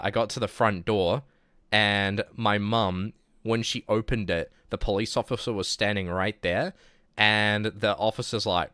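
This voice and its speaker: Rambling New Zealand man, smooth voice. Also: fairly low pitch, a bit bright, no echo, studio quality. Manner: rambling, full of filler words. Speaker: streamer. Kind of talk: casual chat storytelling.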